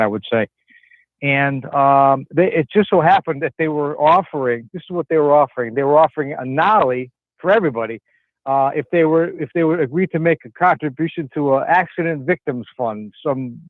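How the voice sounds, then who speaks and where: A man's voice: a little high, dry recording. A man from Connecticut calling in to a talk show, telling a story in a rambling way with many restarts. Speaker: caller. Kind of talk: casual phone-in chat. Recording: tinny phone line.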